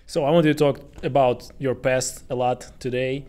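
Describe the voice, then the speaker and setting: A man's voice: medium pitch, fairly quick, few pauses, darkish tone, soft background music. A man hosting a podcast, asking brief, direct interview questions.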